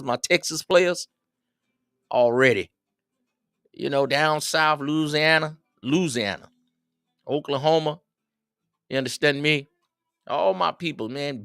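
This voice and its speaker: A man's voice: mid-range voice, a bit bright, dry recording, studio quality. A man hosting a livestream, rambling casually and chatting with his viewers in a streetwise manner. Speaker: livestream host.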